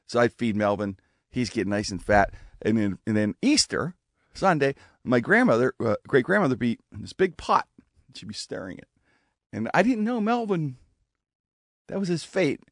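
An animated man spins a casual story as a radio guest, his pitch swinging up and down with lively energy. He is recorded close and dry in a studio, with no room sound around him. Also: normal speed, no room sound. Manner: animated, acts out family voices.

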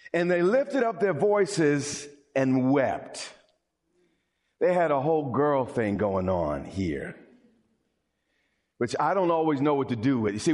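A man delivers a sermon in a playful, animated way, acting out quotes and joking with the congregation. His voice sits on the high side.

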